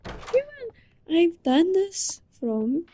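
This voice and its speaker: A woman's voice: very high-pitched, huge pitch swings, extremely slow, warm tone, dry recording. A young woman from Britain chatting casually and rambling in a giggly, playfully flustered way. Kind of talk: casual chat to a listener. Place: indoors, under a blanket.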